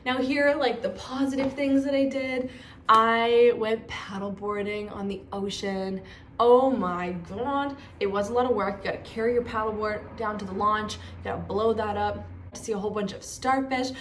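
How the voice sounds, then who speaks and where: A young woman vlogger telling stories in a chatty, animated way, full of fillers. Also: mid-range voice, moderate pace. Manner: chatty, animated, lots of 'like'. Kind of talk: casual storytelling vlog. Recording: echoey room with faint noise.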